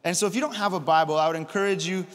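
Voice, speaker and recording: A man preaching a sermon in a church, retelling scripture in a relaxed, conversational way. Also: high voice, very fast. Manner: conversational storytelling, retells scripture in casual paraphrase. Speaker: pastor. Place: church auditorium. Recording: long hall reverb.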